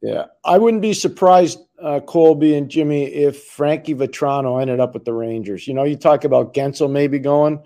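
A man's voice: a little high, moderate pace, few pauses, warm tone. A man co-hosting a podcast, talking emphatically and repeating words for stress. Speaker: podcast co-host. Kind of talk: casual podcast chat.

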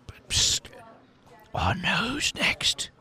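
A chatty drunk villager who rambles and leans in to whisper secrets, played by a man. His voice is gravelly and swoops up and down. It sounds like a tabletop game character. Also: medium pitch, big pitch swings, normal speed. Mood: conspiratorial.

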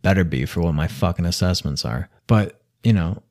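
A man with a somewhat low voice is ranting, exasperated and scolding. He swears constantly as he lectures about other people's bad attitudes. It is a one-man monologue vlog. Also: moderate pace, darkish tone. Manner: heavily profane, exasperated, scolding. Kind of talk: angry rant monologue.

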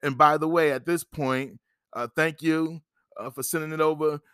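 A man's voice: fairly high pitch, steady tone, normal speed, fairly bright tone, clean tone, no echo, clean studio sound. A middle-aged man hosting an advice podcast, talking emphatically and repeating himself, acting out both sides of a phone call. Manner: repetitive, emphatic, acts out phone calls. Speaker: podcast host giving credit advice. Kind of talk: instructional podcast monologue.

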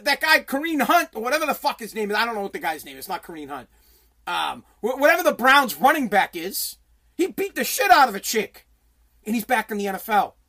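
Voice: mid-range voice, bright, forceful tone. A sports talk host giving heated, blunt commentary full of swearing, restarting sentences often while reading viewer comments. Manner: heated, profane, blunt, with frequent repeated restarts.

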